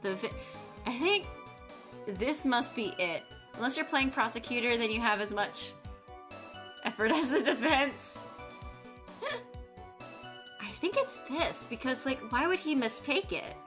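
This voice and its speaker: A young woman streaming a game, giving loud, frustrated commentary full of swearing. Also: fairly high pitch, expressive, a little slow, pauses often. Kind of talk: live gameplay commentary. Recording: faint game music behind.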